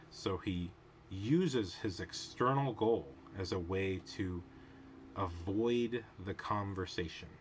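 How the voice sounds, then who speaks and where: A man with a somewhat low voice talks through a TV episode in loose, analytical commentary. He thinks aloud, restarts his sentences and happily wanders off on tangents. A faint hiss sits under his voice. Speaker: show host reviewing a TV episode.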